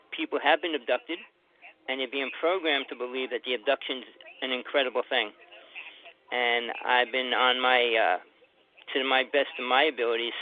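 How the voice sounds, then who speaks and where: An older man calling in as a guest to a talk radio show, chatting in a loose, rambling way over his phone. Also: mid-range voice. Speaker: call-in guest. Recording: tinny phone line.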